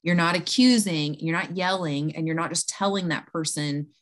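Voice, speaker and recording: A woman in her thirties speaks earnestly as a guest coach on a podcast. Her voice sits fairly low. She often acts out quoted lines to show her point. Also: fairly even intonation, normal speed. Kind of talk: podcast interview, explaining.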